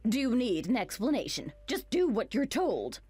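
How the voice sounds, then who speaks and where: A woman's voice: on the high side, very animated, normal speed, a little mellow, slightly rough, dry recording, soft background music. A woman voicing a snobbish young woman who orders her roommate around in a condescending, mocking way. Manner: condescending, commanding.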